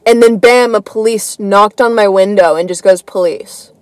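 A woman's voice: mid-range voice, fairly even intonation, moderate pace, dry recording, poor audio. A woman hosting a comedy podcast, telling a casual story in a rambling way full of fillers and swearing. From United States.

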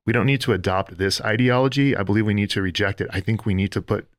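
A man's voice: lowish voice, steady tone, quick pace, no room sound, studio quality. A man co-hosting a faith-based podcast discussion, speaking earnestly in a preacher-like way and building his points in lists. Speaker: podcast co-host.

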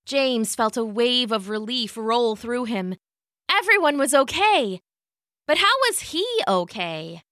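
A woman hosting a story podcast, narrating a children's story in a soft, unhurried, expressive way on a close studio mic. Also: a little high, dry recording. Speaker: storyteller host.

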